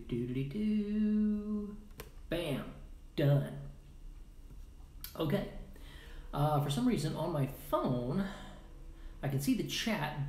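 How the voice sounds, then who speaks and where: A man hosting a casual live stream, chatting playfully and muttering to himself as he works. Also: a little high. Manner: chatty, mutters to himself while editing audio; playful, jumps between loud bursts and quiet asides. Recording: roomy echo with faint noise.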